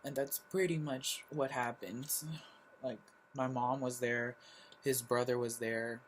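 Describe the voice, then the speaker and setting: Young adult vlogger, slow and halting, sighs between phrases, faint background hum. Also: mid-range voice, steady tone, rough recording. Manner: halting, sighing, lots of fillers. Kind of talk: personal confessional vlog.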